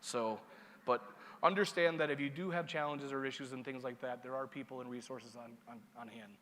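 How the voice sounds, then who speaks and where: A man's voice: mid-range voice, steady tone, fairly quick, fairly bright tone. A man giving conference opening remarks as master of ceremonies, casual and joking, checking in with the audience. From Seneca Nation. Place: large conference hall. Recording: hall reverb.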